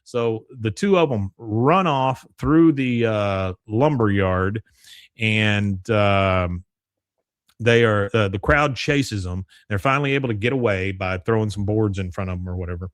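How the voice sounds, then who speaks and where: A man's voice: fairly low pitch, moderate pace, no echo, studio quality. A man hosting a podcast, casually recapping an episode in a rambling way and acting out lines as he goes. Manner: rambling storyteller, acts out the lines. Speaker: podcast host.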